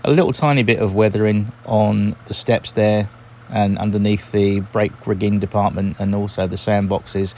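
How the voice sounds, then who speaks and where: A man hosting a model railway vlog, talking in a relaxed, chatty way with frequent ums and self-corrections. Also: lowish voice, moderate pace, slight background noise. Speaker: model railway channel host. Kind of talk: casual hobby vlog narration.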